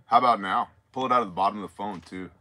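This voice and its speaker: A man's voice: fairly low pitch, racing, sharp tone, a little hiss or hum. A man hosting a podcast in casual chat, joking with his guest and laughing often. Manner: joking, laughs often, reads listener messages aloud. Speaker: podcast host.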